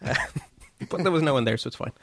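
A man's voice: mid-range voice, animated, fast talker, no room sound, studio quality. A man hosting a photography podcast in a chatty, self-deprecating way, often restarting his sentences. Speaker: podcast host. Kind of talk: casual podcast chat.

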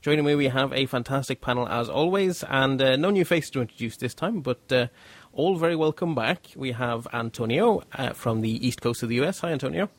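A man's voice: mid-range voice, lively intonation, a little fast, dry recording. A man hosting a casual panel podcast, chatty and a bit rambling as he introduces guests and explains things. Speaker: podcast host.

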